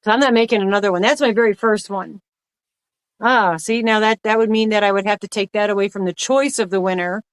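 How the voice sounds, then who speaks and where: A woman's voice: medium pitch, fairly even intonation, brisk, clean tone, no echo. Chatty woman hosting a live stream. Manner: chatty, rambling, repeats herself. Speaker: livestream co-host. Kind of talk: casual live-stream chat.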